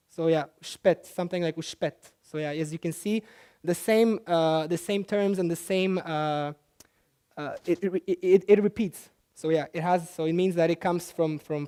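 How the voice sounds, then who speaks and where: A man presenting a talk to an audience, explaining at an easy pace with frequent pauses and self-corrections. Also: sits high, darkish tone, smooth. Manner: halting, with frequent fillers and restarts. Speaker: conference presenter. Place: talk at a language festival.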